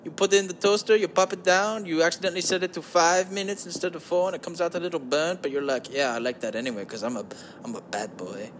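Man doing a smarmy fake-German lounge crooner, slightly high, over a light hiss. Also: steady tone, fairly bright tone. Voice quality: mock German accent. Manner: sleazy crooning, drawn-out, calls listeners baby. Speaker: podcast host. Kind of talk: comedic podcast monologue in a put-on voice. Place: home basement.

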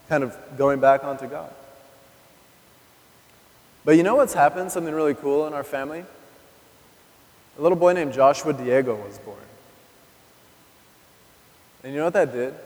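A man's voice: a little high, darkish tone. A man in his thirties giving a personal testimony sermon, talking candidly and directly to the audience. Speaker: preacher. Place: church hall. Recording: live recording in a reverberant hall.

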